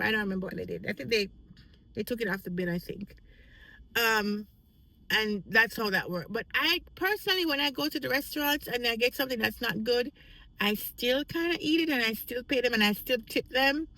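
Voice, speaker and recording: Woman vlogger, casual storytime, bright forceful voice, dry close sound, lively retelling. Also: on the high side, a little fast, no echo, rough recording. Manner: animated, acts out quoted voices.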